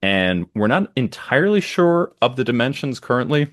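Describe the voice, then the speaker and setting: A man's voice: medium pitch, very animated, moderate pace, no room sound, studio quality. A man co-hosting a casual podcast chat, enthusiastic and rambling with plenty of ums and uhs. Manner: enthusiastic, rambling with many fillers. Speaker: podcast co-host.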